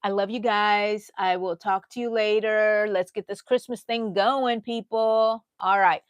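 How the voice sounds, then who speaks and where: A woman's voice: medium pitch, fairly even intonation, measured pace, smooth, no echo. A middle-aged woman, hosting a casual crochet livestream, rambling and chatting with viewers as she works.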